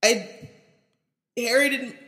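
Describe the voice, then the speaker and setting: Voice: mid-range voice, slow, pushed and bright. A podcast co-host in casual chat, slangy, joking and emphatic. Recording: roomy echo.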